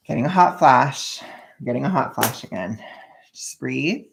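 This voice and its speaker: A woman's voice: extremely low pitch, creaky, background noise. A woman chatting casually on a livestream while wrapping gifts, rambling and joking at her own expense. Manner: rambling, self-mocking, joking. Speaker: vlogger livestreaming.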